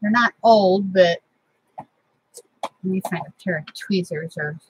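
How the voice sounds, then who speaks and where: A woman's voice: on the low side, slow, a little hiss or hum, low-quality recording. A middle-aged woman, chatting casually and sentimentally as host of a crafting vlog from her home craft room.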